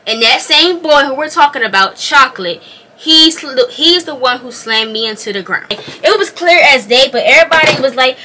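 A young woman with a bright, slightly high voice tells her story to the camera while doing her makeup. She talks in an animated, slangy way and keeps addressing her viewers directly. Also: moderate pace. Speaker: vlogger.

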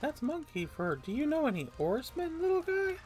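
A man's voice: very high voice, huge pitch swings, normal speed, a little mellow, faint music behind. A man playing a video game and commenting casually, playfully reading the game's lines aloud in silly voices. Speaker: let's play gamer. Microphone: desk microphone at a computer.

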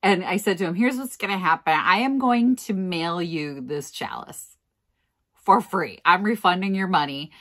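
A middle-aged woman reselling vintage goods, telling a story in a casual vlog with animated, self-mocking energy and frequent laughs. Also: lowish voice, moderate pace.

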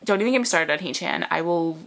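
A woman hosting a music video reaction vlog, gushing and emotional in an excitable, fangirling way over faint music. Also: lowish voice, fast, vocal fry.

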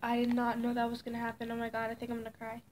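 A woman's voice: on the high side, completely flat delivery, very fast, darkish tone, slight background noise. A woman chatting casually while she plays a game, cooing to a little pet as she goes. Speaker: vlogger. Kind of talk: casual gameplay chat.

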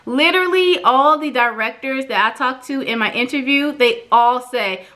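Bright, animated young woman vlogger. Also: normal speed. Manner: chatty and animated, acts out quoted dialogue with big pitch jumps. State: emotional, near tears. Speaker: vlogger reviewing an online course. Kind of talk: casual personal vlog storytelling.

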